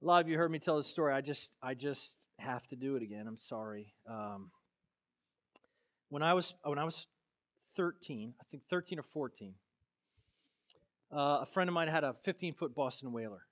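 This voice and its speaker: A male pastor from Florida preaching a sermon with passion, swinging from quiet, low phrases to loud outbursts, then telling a personal story casually with many fillers. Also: normal speed, pauses often.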